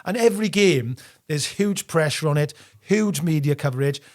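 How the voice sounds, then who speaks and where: Welsh man telling animated stories. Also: fairly high pitch, normal speed. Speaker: podcast co-host. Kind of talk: casual storytelling chat.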